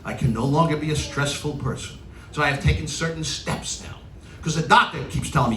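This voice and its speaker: A middle-aged New York stand-up comedian performs his routine on stage before a live audience in a large venue, his high, lively voice bouncing all over at a fast clip. He lands punchlines with animation and launches into exasperated rants. The recording is roomy and distant in an echoey hall, with the crowd's laughter, applause and other audience noise audible.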